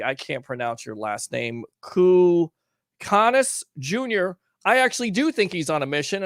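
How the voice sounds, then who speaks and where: A man's voice: high-pitched, a bit bright, no room sound, clean studio sound. A man hosting a call-in sports talk show, teasing callers and firing off rhetorical questions. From Tampa Bay area.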